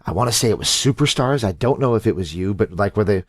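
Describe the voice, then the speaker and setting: Male interview host, lower voice, dry close sound, easygoing. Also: no echo. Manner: relaxed, fan-like, quick affirmations. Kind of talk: casual interview talk.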